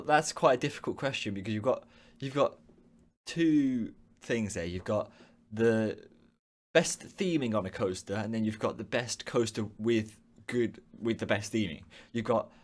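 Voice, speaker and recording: A young man from the United Kingdom hosting a casual live stream, answering viewer questions in a rambling way with many ums and restarts. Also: fairly low pitch.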